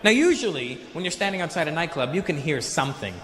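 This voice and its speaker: Stand-up comedian, man, from Canada, slightly higher voice, animated storyteller who slips into accented voices, roomy live-venue sound. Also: fast. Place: theater stage with an audience. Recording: echoey live venue with faint noise.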